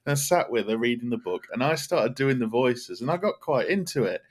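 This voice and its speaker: A man's voice: medium pitch, sing-song, a little fast. A man on a podcast as a guest, telling an easygoing personal anecdote. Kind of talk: casual podcast chat.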